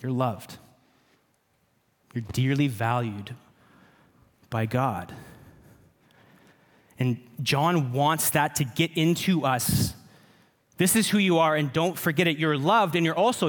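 A man's voice: fairly high pitch, a little slow, pauses often, a bit bright. A man in his thirties, a pastor preaching a sermon in an earnest, personal way. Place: church sanctuary. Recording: reverberant church hall.

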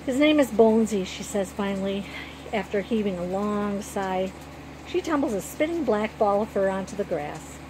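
A woman narrating a children's story in the first person with a gentle, even storytelling manner. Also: medium pitch, moderate pace, background noise.

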